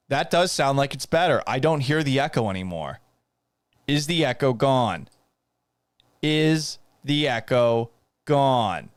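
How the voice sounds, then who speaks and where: A man hosting a live sports talk stream, talking casually and reading out viewer comments, exasperated and swearing, and mocking himself. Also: mid-range voice. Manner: reads viewer comments aloud.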